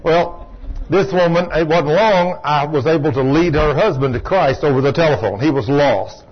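A man preaching a sermon in a folksy storytelling manner, rising to fervent shouts when he quotes. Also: a little high, normal speed. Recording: dull lo-fi sermon recording.

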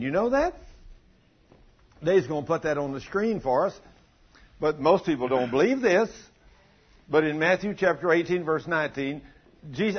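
An older pastor with a drawl tells a homespun story from the pulpit, slipping into country grammar. His voice sits fairly high and husky, and the recording is dull and lo-fi. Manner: folksy, animated storytelling with dialect grammar. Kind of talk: sermon with storytelling.

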